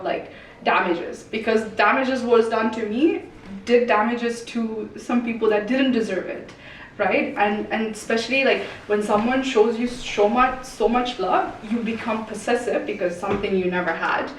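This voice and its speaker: A woman speaking as a roundtable guest in fast, casual talk full of "like" and "right?". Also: fairly high pitch. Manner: fast, filler-heavy, says "like" and "right?" often. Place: community event room. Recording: echoey room, distant mic, faint noise.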